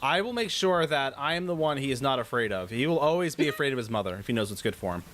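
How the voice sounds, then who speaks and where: Very deep-voiced woman in casual chat. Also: animated, fast talker. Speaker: streamer co-host.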